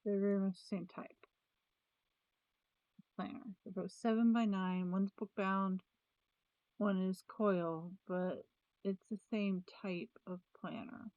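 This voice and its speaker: A woman's voice: mid-range voice, steady tone, slow pace, long pauses, a little mellow, no echo, dull audio. A woman vlogger chatting casually about planners, thinking aloud with restarts and trailing sentences. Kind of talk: casual chat.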